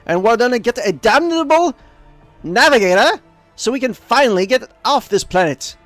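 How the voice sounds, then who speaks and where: A man's voice: extremely high pitch, expressive, normal speed, a bit bright, dry recording, faint music behind, pitched above the performer's own voice. A man voicing a bossy, pompous little halfling ship captain with a theatrical, commanding manner. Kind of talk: let's play character voice.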